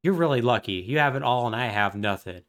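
A man voicing Vic, a broke, self-pitying young man, in a low, mopey voice. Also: lively intonation, fast talker, a bit bright.

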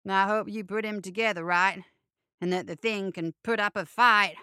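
A woman voicing a glum, doubtful male creature sidekick who speaks dully and sardonically, pitched low. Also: normal speed, smooth, dry recording, clean studio sound, lightly acted. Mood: glum, sardonic. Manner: dull, sardonic, low and flat.

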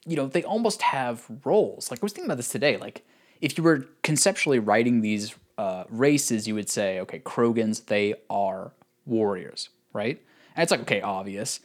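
A man chatting casually about a video game as a podcast co-host, animated and saying "like" a lot. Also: mid-range voice, brisk. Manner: animated, says "like" a lot, laughs often. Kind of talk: casual gaming chat.

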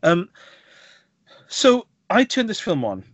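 A man co-hosting a podcast, chatting casually about films in an animated, joking way and now and then mimicking voices from the films. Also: sits high, slow pace, dry recording. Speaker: podcast co-host. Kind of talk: casual film review chat.

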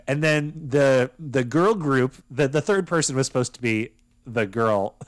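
A young man chatting casually as a podcast co-host, his voice sitting at an ordinary pitch. He rambles, restarts his sentences and keeps chuckling. The recording is close and dry. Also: unhurried, dry recording. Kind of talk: casual chat.

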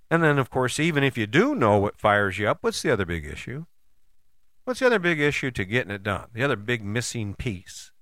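Man, host, casual motivational talk, folksy, rhetorical questions, bright tone, dry sound. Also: medium pitch, no echo.

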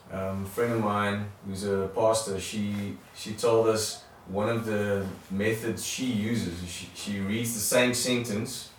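A man's voice: lowish voice, slight background noise. A man sharing in a church study group, hesitant, often restarting and repeating words. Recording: very echoey room from far off.

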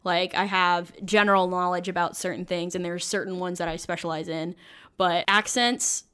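A woman's voice: lowish voice, steady tone, normal speed, a bit bright, clean tone. A young adult woman chatting enthusiastically as a podcast guest, drifting from one tangent to the next. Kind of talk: casual chat.

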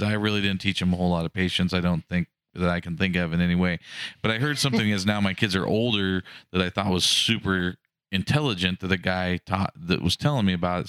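A man in his forties with a deep, low voice co-hosts a podcast, talking frankly in a loose, rambling way. He is recorded close on the mic in a dry, dead space. His speech is packed with fillers as he works through his points. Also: a bit bright, clean tone, no room sound. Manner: rambling, frank, full of "like" and "I mean". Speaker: podcast co-host. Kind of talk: casual chat.

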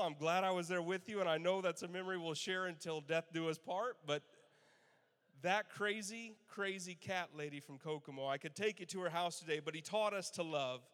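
A man in his thirties, a pastor telling Father's Day stories in a sermon, animated and laughing as he acts out quotes. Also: sits high. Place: church sanctuary. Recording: long church hall reverb.

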